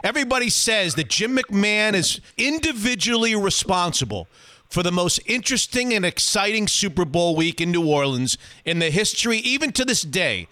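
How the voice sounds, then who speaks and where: A man's voice: high voice, big pitch swings, moderate pace, bright, forceful tone, no room sound. A man hosting an interview, asking questions with eager reactions. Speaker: host.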